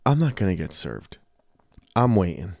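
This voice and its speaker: A man's voice: low-pitched, normal speed, vocal fry, no room sound, clean studio sound. A man in his thirties hosting a podcast, telling a story with lots of swearing and acted-out quotes. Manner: animated, profane storyteller who acts out quotes. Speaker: podcast host. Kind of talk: casual storytelling.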